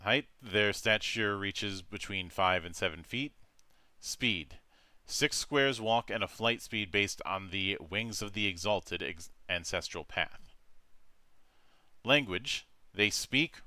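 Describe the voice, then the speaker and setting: A man's voice: lowish voice, pushed and bright, no room sound. A man hosting a tabletop game stream, reading rules with many fillers and restarts. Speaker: game master.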